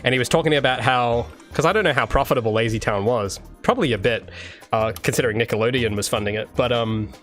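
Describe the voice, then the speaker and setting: A man's voice: medium pitch, quick pace, a bit bright, faint music behind. A young man streaming his game development, rambling enthusiastically in casual chat with many restarts and fillers.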